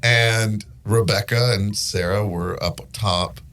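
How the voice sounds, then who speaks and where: A man's voice: fairly low pitch, fairly even intonation, slow, fairly bright tone. A man, a lawyer guest on a podcast, telling stories in an easygoing way and laughing through them. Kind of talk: casual storytelling.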